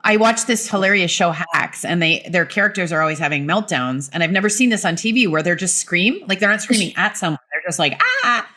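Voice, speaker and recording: A woman in her fifties, a company founder, talking openly as a podcast guest with expressive delivery. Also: lowish voice, brisk, hardly any pauses. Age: 50s. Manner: expressive, swooping intonation. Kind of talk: casual conversation.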